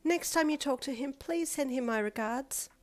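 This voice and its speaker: A woman voicing a sweet, polite teenage girl who gushes in a high voice. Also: moderate pace, close to an everyday voice. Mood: gushing.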